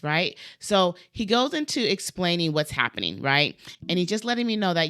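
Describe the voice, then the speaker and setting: A woman coaching on cleaning businesses, telling a story to camera in a casual, animated way and acting out the quoted dialogue. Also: on the low side, normal speed, smooth. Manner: animated, acts out quoted dialogue, frequent "like" and "right?".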